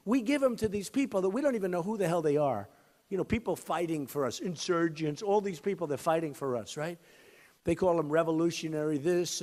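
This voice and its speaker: A man in his sixties giving a campaign rally speech, repeating lines for emphasis and swinging from loud outbursts to low asides. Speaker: presidential candidate. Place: high school gym with a crowd. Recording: long hall reverb.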